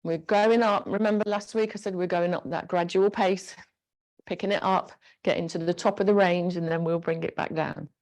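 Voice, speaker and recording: A woman leads an exercise class at home, talking through each move in a friendly, encouraging way. Her voice sits a little low for a woman. She speaks into a clip-on mic pack. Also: steady tone, normal speed, darkish tone. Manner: encouraging, chatty cueing of moves. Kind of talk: live online exercise class instruction. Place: home room with a squeaky floor.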